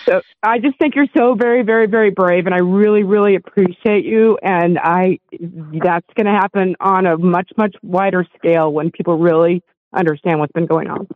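A man's voice: sits high, steady tone, normal speed, dry recording. A middle-aged man from Los Angeles calling in to a talk show, earnest and emotional, rambling a little. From Los Angeles, USA. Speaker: caller. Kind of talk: call-in radio chat. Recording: tinny phone line.

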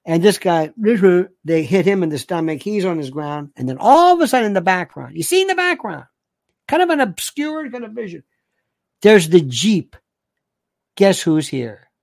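A man's voice: high voice, moderate pace, gravelly, dry recording. Rambling older man telling a story. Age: 60s. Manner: rambling, animated, acts out movie lines in quoted voices. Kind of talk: casual storytelling monologue.

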